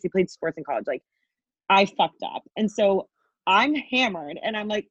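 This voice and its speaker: A woman's voice: medium pitch, lively intonation, moderate pace, slightly rough, no echo. A woman in her twenties, a podcast guest, telling a wild dating story casually, swearing freely and acting out what people said. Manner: candid, swears freely, acts out quotes. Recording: dry, dull lo-fi sound.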